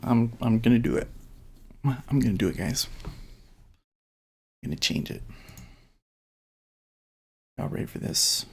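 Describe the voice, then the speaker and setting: A man's voice: mid-range voice, animated, a little slow, long pauses, slightly rough. A man casually thinking aloud as he day-trades on a live stream, talking in fits and starts. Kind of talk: casual live-stream commentary while trading.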